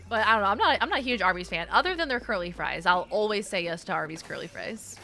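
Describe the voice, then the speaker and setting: A woman's voice: mid-range voice, animated, fairly quick, bright, forceful tone. A woman streaming a video game, chatting casually, laughing often and swearing freely. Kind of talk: casual chat while gaming.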